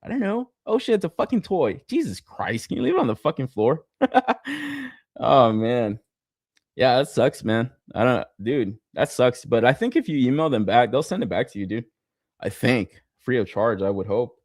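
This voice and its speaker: A young man from Southern California chatting casually as a podcast co-host, swearing a lot and laughing through animated stories. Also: mid-range voice, moderate pace, no room sound, clean studio sound. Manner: profane, laughing, animated storytelling. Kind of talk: casual chat.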